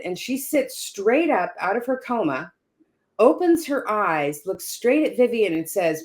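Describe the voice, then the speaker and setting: A woman's voice: medium pitch, animated, normal speed. A woman telling a personal caregiving story in conversation, checking in often with "you know" and "right?". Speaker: caregiver sharing her story.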